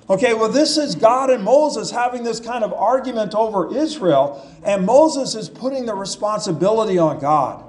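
A man's voice: sits high, animated, moderate pace, hardly any pauses. A man preaching a sermon in a conversational way, paraphrasing scripture and asking rhetorical questions. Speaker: pastor.

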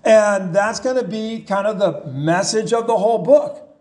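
A man's voice: high-pitched, unhurried, a little mellow. A man preaching a sermon in an emphatic, repetitive way, asking the listeners rhetorical questions.

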